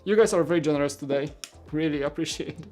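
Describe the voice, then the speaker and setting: A man's voice: a little high, fast talker, a little mellow, soft background music. A man whose first language is Polish, hosting a casual livestream as he builds. He rambles, stammers, repeats words and chuckles as he talks. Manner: chuckles often while talking. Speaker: livestream host.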